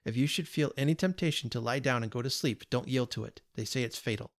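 A man's voice: mid-range voice, fast, natural voice. A man reading aloud, voicing a talkative, earnest male burglar who pleads and explains himself with odd cheer. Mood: indignant. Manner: earnest, pleading, lightly pompous.

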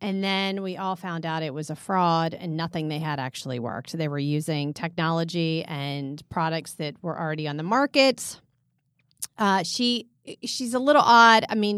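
A woman co-hosting a podcast, telling stories in an animated casual way. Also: on the low side, a little slow, clear, resonant tone, no room sound, clean studio sound. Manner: animated storyteller, acts out quotes. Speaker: podcast co-host. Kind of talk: casual chat.

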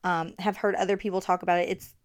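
Smooth-voiced woman in her 40s just chatting on her podcast, talking right to listeners. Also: fairly low pitch, level tone, fast. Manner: chatty, addresses listeners directly. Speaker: podcast host. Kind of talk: casual podcast chat.

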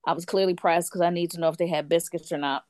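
A woman telling a long story in an animated, casual way, and she acts out other people's lines in playful voices. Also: on the low side, fast talker. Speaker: guest storyteller. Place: lives in France.

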